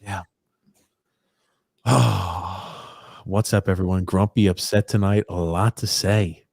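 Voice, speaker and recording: A man's voice: sits low, fairly even intonation, slow, vocal fry, darkish tone, no echo. A man hosting a sports podcast, laid-back and rambling, with many fillers, taking calls and reading comments. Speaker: podcast host. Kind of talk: casual sports chat.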